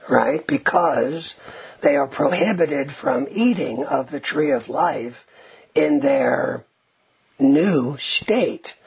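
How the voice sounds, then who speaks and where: A slow, deliberate male teacher lecturing on scripture and Hebrew wording. His voice is very raspy with a gravelly edge. He keeps asking "right?" to carry the class along, and the recording sounds dull and lo-fi. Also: a little high. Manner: checks in with frequent "right?"; reads Hebrew passages aloud. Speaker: Bible teacher.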